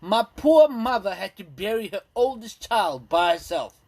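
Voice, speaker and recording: A man in his thirties doing a rambling, self-deprecating stand-up set, full of ums and pauses. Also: high voice, animated, darkish tone. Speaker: stand-up comedian. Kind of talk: stand-up set streamed live. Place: indoors at home.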